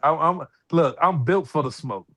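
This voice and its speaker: High-voiced trash-talking man. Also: pushed and bright, no room sound, clean studio sound. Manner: trash-talking, boastful, drawn-out teasing. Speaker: podcast co-host. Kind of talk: casual sports chat. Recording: online stream call.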